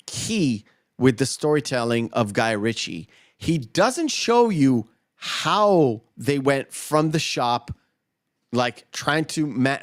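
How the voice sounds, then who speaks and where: Man, podcast co-host, casual movie chat, rambling, filler-heavy, mid-pitched. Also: no room sound, studio quality. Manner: rambling scene recaps with many fillers.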